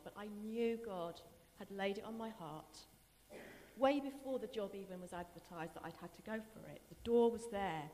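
A middle-aged woman giving a personal testimony in an earnest, emotional way that often drops to a hushed voice. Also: medium pitch, normal speed, long reverb tail, slight background noise. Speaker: church member giving testimony.

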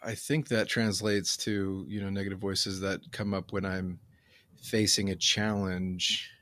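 A man in casual conversation, talking in a halting, reflective way with many fillers and restarts. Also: deep voice, little pitch movement, a bit bright, no room sound, clean studio sound. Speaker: conversation partner.

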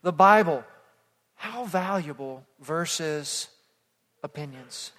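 A man preaching an expository sermon as pastor, moving from hushed passages to loud emphatic calls that the congregation repeats. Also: fairly high pitch, animated, takes it slowly. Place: church sanctuary. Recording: long hall reverb.

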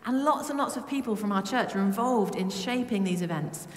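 A woman from Britain preaching a lively, humorous sermon to her church. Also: medium pitch, brisk. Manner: humming song snippets. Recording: echoey church with long reverb.

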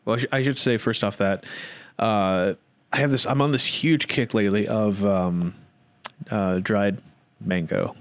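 A man's voice: lowish voice, measured pace. Rambling man who acts out quotes. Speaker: wedding photographer. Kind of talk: casual podcast chat.

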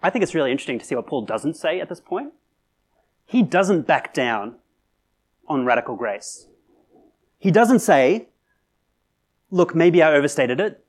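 A man's voice: fairly high pitch, very animated, moderate pace, long pauses, breathy edge. A man preaching a sermon in a conversational way, with fillers and restarts, building to emphatic peaks. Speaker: pastor.

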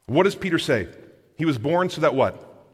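A pastor preaching a sermon, repeating phrases for emphasis and speaking straight to the congregation in a church hall. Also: male voice, a little high, expressive, normal speed, breathy edge.

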